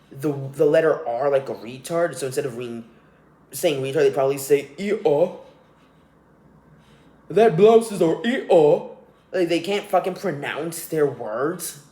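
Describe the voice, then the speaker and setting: A young man hosting a solo podcast, ranting with profanity and scorn. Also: on the high side. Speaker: podcast host. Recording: roomy echo.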